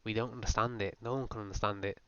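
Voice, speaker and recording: Low, flat-voiced guy ranting. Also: quick pace, a crowd in the background. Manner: profane, rambling, deadpan mock-earnest. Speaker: comedy video host. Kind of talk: mock-serious comedic rant over pictures. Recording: dull lo-fi voice-over with faint music.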